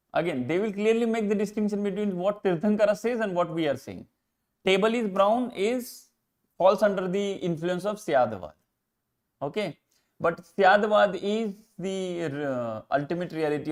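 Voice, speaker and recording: Delivering a live exam-prep lecture, this Indian English-speaking philosophy teacher has a higher voice. His method is to ask a question and then answer it himself, going back over key ideas with fresh phrasing and dropping in Hindi words.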